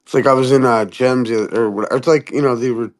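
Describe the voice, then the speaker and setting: Dude ranting on a podcast, swears a lot, keeps doing high squeaky impressions. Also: male voice, quick pace. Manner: profane, animated, mimics people in high voices. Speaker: podcast host. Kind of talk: casual chat.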